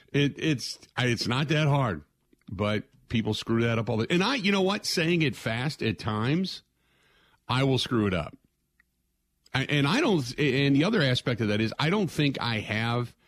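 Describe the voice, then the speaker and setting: A man's voice: mid-range voice, animated, measured pace, a bit bright, no room sound. Older male sports-talk host, rambling, dry close studio sound. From southwestern Ohio. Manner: rambling, repeats himself, exclamations of "man, oh man". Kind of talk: casual sports radio talk.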